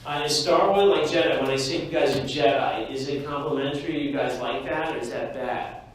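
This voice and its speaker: Man, lecturer, lively, jokey, echoey hall, distant mic, faint hiss. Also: mid-range voice, fairly quick. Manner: lively, jokey, addresses the class directly. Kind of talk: classroom lecture.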